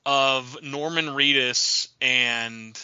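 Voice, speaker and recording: A man hosting a gaming podcast in casual chat, animated and quick to laugh. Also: mid-range voice, clean tone, dry recording. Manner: animated, laughing, imitates others. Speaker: podcast host. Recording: dull lo-fi audio.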